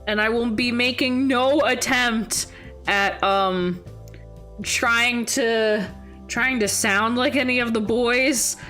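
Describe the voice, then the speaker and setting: A woman's voice: on the high side, fairly even intonation, slow pace, pushed and bright, soft background music. A woman streamer chatting casually and reading game narration aloud, laughing easily.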